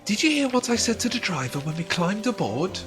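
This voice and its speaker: Prim, earnest young assistant, lively pitch; a woman voices her; game music under. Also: a little fast, lightly acted.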